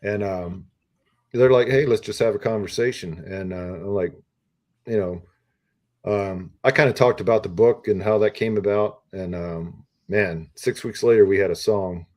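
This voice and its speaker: A man's voice: lowish voice, normal speed, darkish tone. A retired Army officer in his fifties, a podcast guest telling stories in a rambling way full of ums and uhs. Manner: rambling, filler-heavy storytelling with many ums and uhs. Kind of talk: casual storytelling interview.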